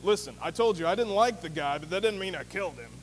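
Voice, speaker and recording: A man's voice: high-pitched, expressive, fast talker, in a large hall, a little hiss or hum, poor audio. A man voicing a defensive male suspect who hurriedly denies a killing.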